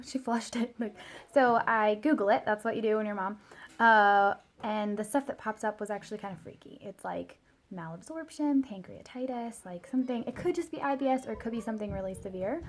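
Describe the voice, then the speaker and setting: A woman in her thirties, a mother, tells a casual vlog story about a product, speaking a little fast in a medium-pitched voice. She's chatty and full of fillers and "like", and she quotes her child in a small, soft voice.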